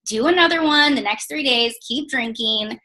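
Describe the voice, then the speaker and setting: A woman's voice: on the high side, normal speed, pushed and bright. A young woman voicing her middle-aged mother, who reassures and coaxes her daughter. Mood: coaxing. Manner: reassuring, coaxing.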